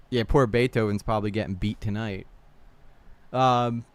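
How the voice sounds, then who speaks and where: Guy livestreaming a reaction, blunt and sweary, smooth clear voice, dry close mic. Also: on the low side, steady tone, moderate pace, dry recording. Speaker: streamer.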